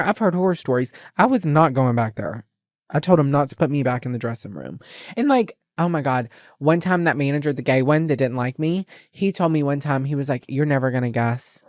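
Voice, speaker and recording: A man's voice: medium pitch, fairly quick, dry recording. Young man, sassy storyteller who acts out every line of dialogue; dry close sound. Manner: animated, sassy, dramatic reenactments of dialogue. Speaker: podcast host. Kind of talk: casual storytelling chat.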